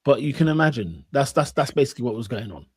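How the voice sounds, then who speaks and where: A man with a husky, breathy voice talks football on a podcast, his pitch swinging widely as he acts out his reactions. The sound is dry and close, with no room in it. He sounds casual and animated, mid-chat with friends. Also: quick pace, dry recording. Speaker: podcast co-host.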